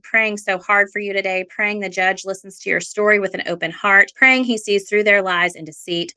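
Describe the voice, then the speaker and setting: Bright-voiced woman reading court testimony. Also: medium pitch, smooth. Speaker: podcast host recounting her own court case. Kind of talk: reading trial transcript aloud.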